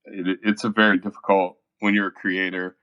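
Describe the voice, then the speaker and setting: A shy, soft-spoken man who hesitates often and fills pauses with ums as he thanks the people around him in voice chat. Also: low voice, level tone, no room sound, lo-fi sound. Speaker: featured artist. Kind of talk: casual voice-chat talk.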